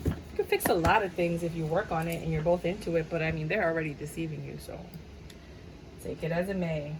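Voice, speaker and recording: A woman giving a lively, casual tarot reading, playful and chatty, slipping into quick impressions of the people she describes. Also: low-pitched, noisy background. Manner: animated, playful, sings and mimics clients' voices. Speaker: tarot reader.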